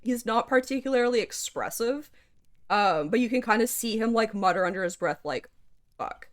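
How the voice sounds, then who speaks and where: A woman running a tabletop game as game master, narrating casually with lots of fillers and pauses. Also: on the high side, no echo.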